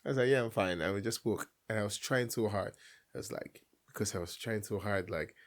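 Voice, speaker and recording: A man's voice: fairly low pitch, brisk. A young man from Nigeria with a Nigerian accent, a guest telling a family story in casual chat and acting out the voices of his relatives. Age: young adult. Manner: animated storyteller, acts out family dialogue with laughs.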